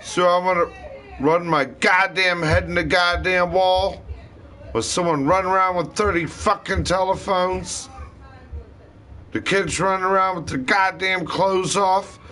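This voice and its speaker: Man, cursing rant, rambling, very slow delivery, a bit high-pitched. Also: fairly even intonation, pushed and bright. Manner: cursing constantly, disjointed and rambling. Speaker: vlogger. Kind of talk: rambling profane rant to camera.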